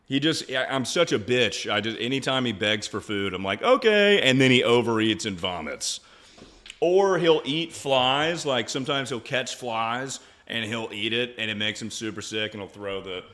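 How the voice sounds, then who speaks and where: A man's voice: fairly low pitch, normal speed, fairly bright tone. A young man streaming live, chatting casually in a rambling, crude way and laughing often.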